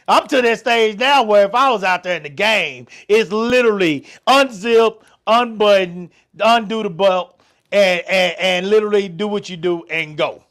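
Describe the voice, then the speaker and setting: A man's voice: high voice, a little slow, a bit bright. A middle-aged man hosting a casual podcast chat, profane and joking, stammering and laughing often. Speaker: podcast host.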